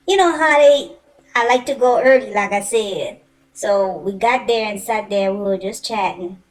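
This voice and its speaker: A woman telling a personal story in a casual, animated and colloquial way, swearing freely. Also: high voice, low-quality recording.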